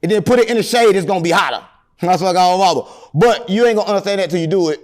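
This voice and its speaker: A man tells long, rambling stories in a casual interview. He is animated and jokes with a straight face. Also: sits high, racing. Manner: animated, rambling, deadpan joking. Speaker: interview guest.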